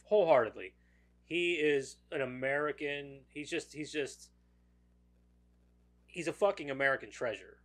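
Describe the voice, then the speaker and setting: Excitable man swearing casually. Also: fairly high pitch, measured pace, pauses often. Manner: enthusiastic, swears freely, repeats words. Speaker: podcast co-host. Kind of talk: casual movie chat.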